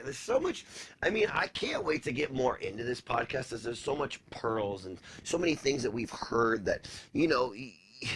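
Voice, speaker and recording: A man's voice: mid-range voice, a bit bright, slight background noise. A man co-hosting a podcast in casual chat, rambling and swearing, with many fillers. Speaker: podcast co-host.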